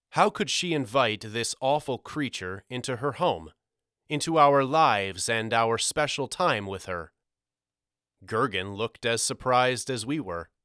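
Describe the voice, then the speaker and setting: A man narrating a storybook audiobook in a measured, expressive reading. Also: medium pitch, smooth, no echo, clean studio sound.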